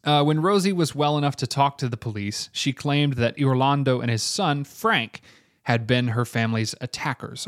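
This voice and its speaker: A man's voice: medium pitch, no echo, clean studio sound. A man hosting a podcast, telling a true-crime story in a casual, self-deprecating way with lots of filler words. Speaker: podcast host.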